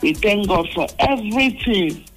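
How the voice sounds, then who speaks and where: A man's voice: high voice, animated, normal speed, fairly bright tone, faint music behind, low-quality recording. Prayerful Nigerian Pidgin man on the line. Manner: prayerful, thankful, praising God. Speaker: caller.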